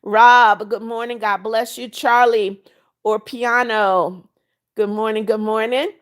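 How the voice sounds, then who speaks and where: A woman's voice: a little high, fairly even intonation, takes it slowly, clear, resonant tone. A woman in her seventies hosting a casual livestream, greeting viewers by name and blessing them in a blunt, motherly way. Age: 70s. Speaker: livestream host. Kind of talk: casual livestream chat reading viewer comments.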